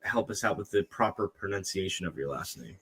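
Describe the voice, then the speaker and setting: A man's voice: sits low, expressive, fairly quick, fairly bright tone, breathy edge. A man co-hosting a podcast over a video call, rambling and teasing. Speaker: podcast co-host. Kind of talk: casual podcast chat.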